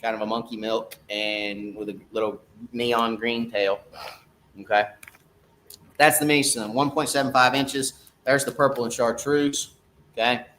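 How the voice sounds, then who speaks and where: A man's voice: medium pitch, little pitch movement, unhurried, a bit bright, a little hiss or hum. A middle-aged man, a fishing guide talking casually on a live stream, folksy and repeating "okay?" to his viewers.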